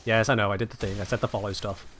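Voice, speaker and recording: A man's voice: lowish voice, steady tone, racing, fairly bright tone, soft background music. A man chatting dryly and sarcastically with viewers while playing a game on a live stream. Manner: dry, sardonic, chats to viewers while playing. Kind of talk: casual live-stream chat while gaming.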